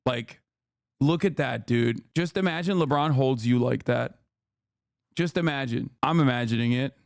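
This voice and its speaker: Profane ranting streamer, smooth voice. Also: male voice, medium pitch, normal speed, no echo, clean studio sound. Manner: profane, mock-patriotic ranting. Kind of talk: casual commentary stream.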